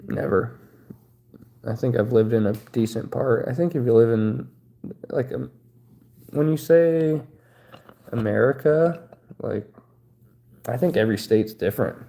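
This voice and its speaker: Low, gravelly-voiced man in his thirties. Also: a little slow, pauses often, mellow. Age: 30s. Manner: laid-back, rambling, crude joking. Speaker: streamer. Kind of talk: casual livestream chat.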